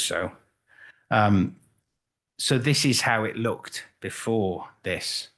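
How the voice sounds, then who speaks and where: A man's voice: deep voice, a bit bright. A middle-aged man from Wales, giving a chatty, self-deprecating conference talk as a photographer, with frequent restarts. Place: conference hall.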